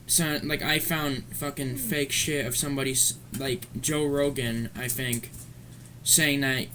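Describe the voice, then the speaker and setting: A man in the middle of an angry, rambling rant, swearing freely as he goes. His pitch sits at an ordinary middle height, with a faint murmur of room ambience behind him. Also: fairly even intonation, a little slow, pushed and bright, slight background noise. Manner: profane, heated, rambling. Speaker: commentary vlogger. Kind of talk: ranting commentary.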